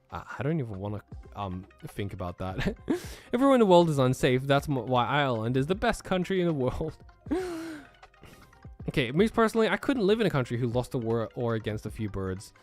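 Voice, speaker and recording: A man with an American accent, raised in Australia, chatting casually on a live stream, reading out chat questions and laughing often. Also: medium pitch. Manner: laughs often, easygoing, trails off with fillers.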